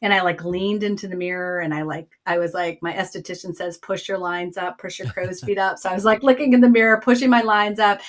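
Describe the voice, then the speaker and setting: A woman who is a trained counselor, talking as a guest in a casual interview and telling a personal story in a chatty, expressive way. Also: on the low side, a little fast, few pauses. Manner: chatty and expressive, many "like" and "um" asides.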